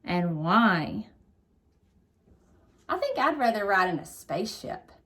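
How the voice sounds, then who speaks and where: A woman's voice: medium pitch, very animated, fairly quick, fairly bright tone. A woman teaching a recorded phonics lesson to young children, upbeat and encouraging, stretching out syllables. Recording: echoey room, distant mic.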